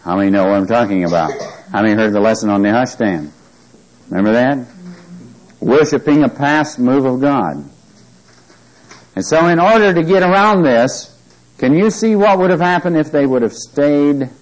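A man's voice: mid-range voice, expressive, normal speed, pauses often, poor audio. A man teaching a Bible study, reading scripture aloud with emphasis and often checking whether listeners follow him. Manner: asks the listeners questions often.

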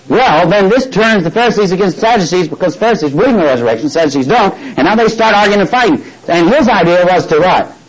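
A man's voice: high-pitched, sing-song, fast talker, low-quality recording. A man preaching a sermon, retelling a scripture story, acting out its speakers and prompting the congregation to finish his lines, with frequent restarts.

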